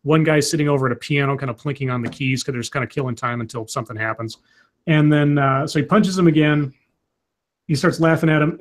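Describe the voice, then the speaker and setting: Rambling, animated man retelling a movie. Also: a little high. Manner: rambling, animated retelling with acted-out quotes and frequent restarts. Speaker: podcast co-host recapping a movie. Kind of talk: casual chat.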